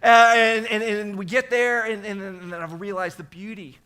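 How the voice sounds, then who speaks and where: Bright, high-voiced animated male preacher. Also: normal speed, clean tone. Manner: animated storytelling with emphatic repetitions. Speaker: pastor. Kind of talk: sermon.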